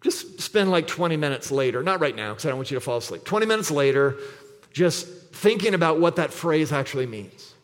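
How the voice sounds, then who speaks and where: A pastor preaches emphatically, repeating scripture and firing off rhetorical questions in a fairly high, lively voice at a brisk clip. A large hall's long reverb surrounds him.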